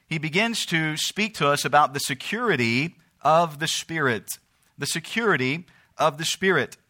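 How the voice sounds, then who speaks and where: Bright-voiced man preaching a sermon. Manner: preaching, rising in pitch and force, calling out to the congregation. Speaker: pastor.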